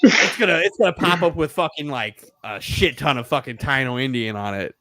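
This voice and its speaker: A man's voice: mid-range voice, fairly quick, a loud crowd. A man co-hosting a casual sports podcast, arguing animatedly and swearing freely. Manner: animated, argumentative, swears a lot. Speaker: podcast co-host. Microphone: remote live stream setup.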